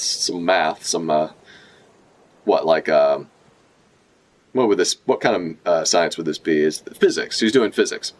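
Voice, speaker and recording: A man streaming a casual manga read-along, reacting with profane, excitable asides and rambling commentary. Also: deep voice, a little slow, long pauses.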